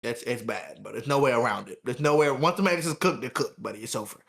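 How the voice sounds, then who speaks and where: A man's voice: medium pitch, fast, creaky. A man co-hosting a casual podcast, telling a work story with lots of swearing and acted-out customer voices. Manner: animated, acts out customers' voices, swears a lot. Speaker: podcast co-host.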